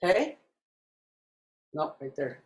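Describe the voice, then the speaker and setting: A woman language teacher, her voice a bit lower than most with a darkish tone, leads an online class in a very animated way while still explaining slowly and patiently, using ums to fill gaps between points. The audio has a video-call feel with a little hiss or hum.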